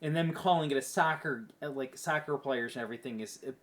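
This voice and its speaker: A man's voice: medium pitch, fast talker, fairly bright tone. A man co-hosting a casual book podcast, talking in a rambling way full of fillers. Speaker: podcast co-host.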